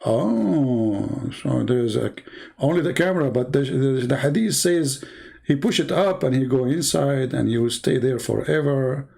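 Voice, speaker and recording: A man hosting a comic sketch, asking deadpan questions in a dry, hesitant way. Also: mid-range voice, measured pace, gravelly, breathy edge, poor audio. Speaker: host.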